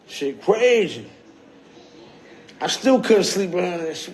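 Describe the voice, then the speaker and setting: High-voiced man ranting on a phone stream. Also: sing-song, slow, long pauses. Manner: profane, streetwise, keeps checking in with "you heard?". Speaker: livestreamer. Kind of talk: rambling livestream storytelling.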